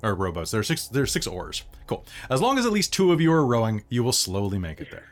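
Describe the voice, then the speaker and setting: A man hosting a podcast and narrating as game master in a relaxed, chatty way. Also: medium pitch, fast talker, faint music behind. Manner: relaxed, chatty, stumbles over words.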